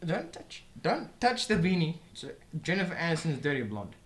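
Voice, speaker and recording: A man's voice: on the high side, big pitch swings, moderate pace. A man co-hosting a casual podcast chat, giving dry, defensive comebacks. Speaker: podcast co-host.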